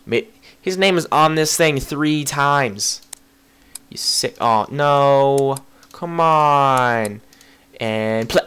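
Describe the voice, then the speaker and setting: A young man commentating on a game he plays, excitable, yelping and apologizing to the characters. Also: medium pitch, drawn-out words, clean tone. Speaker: gameplay commentator. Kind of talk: casual gaming commentary.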